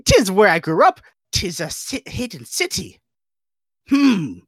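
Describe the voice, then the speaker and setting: A man's voice: high voice, wildly swooping pitch, a little slow, a bit bright, no echo, studio quality, full character voice. Man doing a goofy Jar Jar Binks voice. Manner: silly broken-grammar impression. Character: goofy clumsy male alien creature, rambling.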